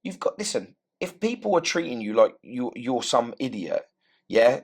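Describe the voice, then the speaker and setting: Animated man, casual podcast host. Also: medium pitch, normal speed, vocal fry, breathy edge. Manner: animated, acts out both sides of exchanges. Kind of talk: casual chat.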